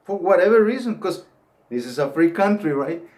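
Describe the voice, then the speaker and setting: A man's voice: sits high, animated, moderate pace, a little mellow. An older man giving an earnest, pleading monologue that rises into emphatic outbursts. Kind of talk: impassioned monologue to camera.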